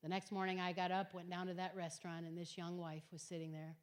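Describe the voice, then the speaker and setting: A middle-aged woman giving an earnest Christian talk to high school students, telling stories emphatically and swinging from quiet to loud. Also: completely flat delivery, quick pace. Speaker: guest speaker at a high school. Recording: long hall reverb.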